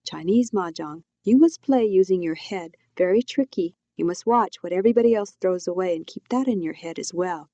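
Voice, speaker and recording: A woman's voice: on the low side, moderate pace, hardly any pauses, mellow, no room sound, highs cut off, close to an everyday voice. A woman voicing a blunt older immigrant mother who explains things in clipped, broken English. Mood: instructive.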